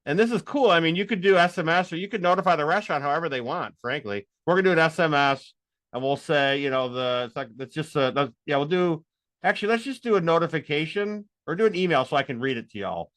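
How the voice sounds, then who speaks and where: A man teaching a live software tutorial, excitable and rambling as he thinks aloud. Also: a little high, fast, no room sound. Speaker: instructor.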